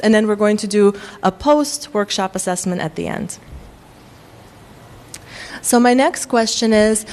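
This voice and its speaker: Woman presenter, faint Russian accent, measured, many ums, mid pitch. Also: a little mellow. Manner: frequent ums, measured explanatory tone. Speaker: workshop presenter. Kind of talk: lecture to faculty.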